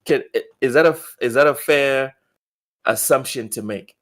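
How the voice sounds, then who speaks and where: A man's voice: mid-range voice, normal speed, fairly bright tone. A man hosting a gaming podcast in casual chat, often repeating words as he talks. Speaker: podcast host.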